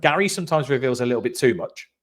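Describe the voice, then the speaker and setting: Lively chatty football fan. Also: male voice, mid-range voice, racing. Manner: chatty, laughs often, reads out news. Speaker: fan channel co-host. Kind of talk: casual football chat.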